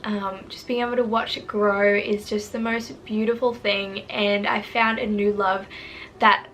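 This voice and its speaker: Bright, teary young woman. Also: mid-range voice, level tone, a little slow, a little hiss or hum, rough recording. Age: 20s. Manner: earnest, tearful, rambling with many fillers. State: teary and emotional. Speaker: vlogger. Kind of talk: emotional personal vlog to camera. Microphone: camera mic, sitting close.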